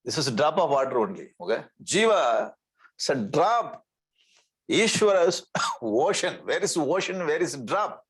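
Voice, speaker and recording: A man's voice: on the high side, sing-song, normal speed, slightly rough, rough recording. A man giving a spiritual lecture as a swami, repeating Sanskrit terms and checking in with his listeners. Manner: repeats Sanskrit terms, asks "okay?" often; light humor, chuckles. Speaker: swami teaching scripture.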